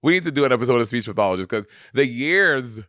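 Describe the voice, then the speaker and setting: A man's voice: mid-range voice, fast talker, no room sound, studio quality. A man with a Saint Lucian accent co-hosting a podcast, telling stories with lots of laughter. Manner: animated storytelling, laughs often. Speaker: podcast co-host. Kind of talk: casual chat.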